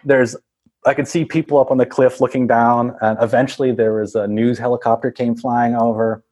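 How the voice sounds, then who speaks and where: A man's voice: medium pitch, level tone, brisk, darkish tone. A man casually telling a long story, rambling with many fillers and laughing as he goes. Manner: rambling, laughs often, acts out voices of others.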